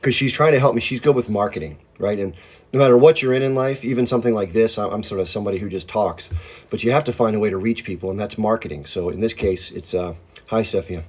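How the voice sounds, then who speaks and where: A man with a lowish, slightly husky voice chats loosely into his phone on a home livestream. He rambles from topic to topic and stops to greet viewers by name. He calls himself a hyped-up person, and the talk stays loose and unscripted. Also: quick pace, a little mellow. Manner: chatty, rambling, reads and greets viewer comments; self-described hyped-up talker. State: chewing while talking. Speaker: livestream host. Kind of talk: casual livestream chat.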